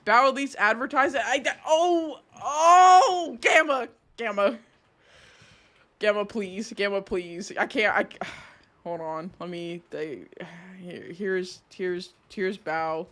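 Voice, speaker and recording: A livestreamer chatting casually with viewers, excitable and exasperated, dropping to low mutters and then jumping to high outbursts. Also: takes it slowly.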